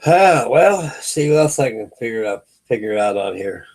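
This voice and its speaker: A man's voice: mid-range voice, sing-song, normal speed, a little mellow. Middle aged guy rambling on a late night stream, lots of uh and restarts, easygoing chat. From California. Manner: rambling storyteller, many fillers and restarts. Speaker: host of a live hangout stream. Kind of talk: casual chat.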